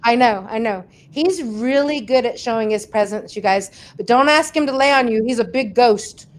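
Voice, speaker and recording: High-voiced chatty woman reading comments. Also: moderate pace. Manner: chatty, laughs often, reads comments aloud. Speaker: host reading viewer questions. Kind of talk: casual livestream chat.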